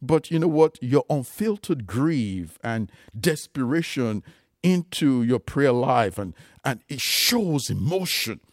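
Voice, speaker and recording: A man's voice: medium pitch, very animated, takes it slowly, no room sound, clean studio sound. A man preaching a sermon, emphatic and rising and falling for emphasis, calling his listeners loved ones.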